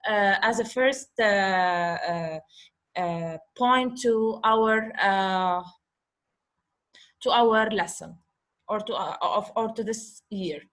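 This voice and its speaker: A woman teaching a slow online lesson, patiently repeating and sounding out letters over a video call. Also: medium pitch, fairly bright tone. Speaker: Arabic teacher.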